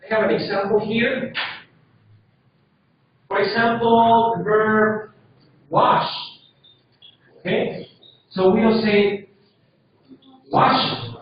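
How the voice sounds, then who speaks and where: A high-voiced male English teacher leads a slow classroom lesson, drilling pronunciation and checking in with frequent "okay?". He's recorded from a distance across a very echoey room, with slight background noise and dull, lo-fi sound.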